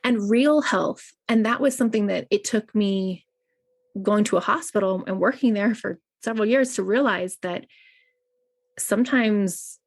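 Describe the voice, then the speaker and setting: A woman's voice: mid-range voice, unhurried. Earnest woman chaplain telling stories. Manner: earnest, storytelling, with frequent "like". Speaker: chaplain, podcast guest. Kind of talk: personal conversation.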